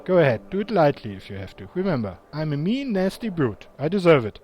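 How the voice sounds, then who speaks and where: A man voicing a scarred, blunt male hero in a low, dry manner. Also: sing-song, fairly quick, darkish tone, slight background noise. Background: game music.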